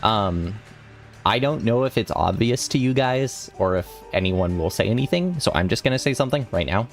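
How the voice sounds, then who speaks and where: A man's voice: lowish voice, lively intonation, moderate pace, faint music behind. A young man chatting casually while streaming a game, rambling with restarts and laughs. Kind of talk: casual gaming stream chat. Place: home room.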